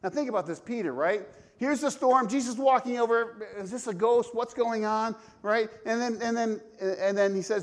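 A man's voice: very high voice, normal speed. A man preaching a sermon, emphatic, asking rhetorical questions and restarting his phrases often. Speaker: pastor.

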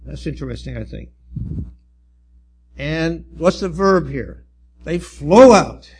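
A middle-aged man, a church elder, preaching a sermon in an earnest, halting way with restarts and emphatic swells. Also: on the high side, lively intonation, darkish tone, breathy edge.

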